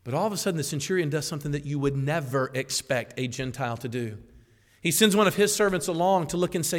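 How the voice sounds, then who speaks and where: A man preaching a sermon as a pastor, animated, acting out the voices he quotes and laughing at himself. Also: fairly high pitch, fast talker. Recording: long hall reverb.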